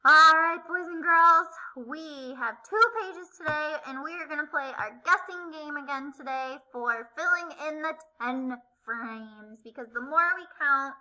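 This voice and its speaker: Woman, kindergarten teacher, high voice, very bright tone, slow sing-song delivery, remote math lesson. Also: low-quality recording. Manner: slow, sing-song, exaggerated teacher voice with playful pretend guessing. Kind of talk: remote video math lesson for young children.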